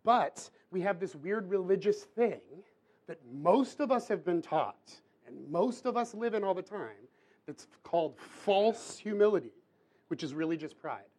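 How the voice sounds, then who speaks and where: A man preaching a sermon to a room, in a casual, chatty way with quick asides. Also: high-pitched, expressive, a little mellow, husky. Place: church hall with audience.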